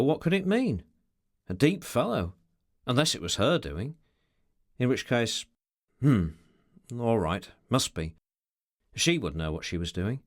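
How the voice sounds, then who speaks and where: A man's voice: mid-range voice, dry recording, studio quality. A man reading an unabridged classic novel aloud as an audiobook narrator, telling the story expressively. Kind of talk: scripted narration.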